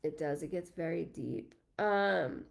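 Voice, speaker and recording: A woman hosting a live medium stream, talking casually to her viewers and thanking them one by one. Her voice is strongly gravelly with constant fry, and she speaks slowly, filling pauses with ums. She drops a swear word here and there. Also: deep voice. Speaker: medium doing live readings. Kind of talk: casual livestream chat with viewers.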